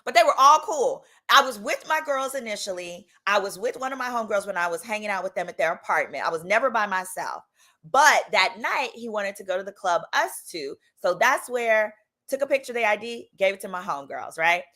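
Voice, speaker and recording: A woman attorney hosting her channel, telling a comedic story in a playful, animated way and acting out the people in it. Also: mid-range voice, brisk. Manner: animated, playful, acts out quoted voices.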